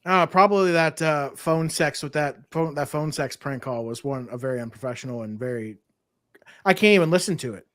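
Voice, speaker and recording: A man's voice: on the high side, brisk, a bit bright, no room sound, clean studio sound. A man co-hosting a podcast in casual, candid chat, swearing freely. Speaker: podcast co-host.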